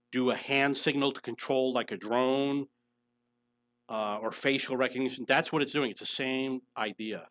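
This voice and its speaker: An earnest middle-aged man speaks in a personal monologue, pressing each point and circling back to repeat it. His voice sits at an ordinary middle pitch. The recording is dry and close, with little room sound. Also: fairly bright tone, no room sound. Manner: earnest, insistent, repeats himself for emphasis. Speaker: channel host telling his own story.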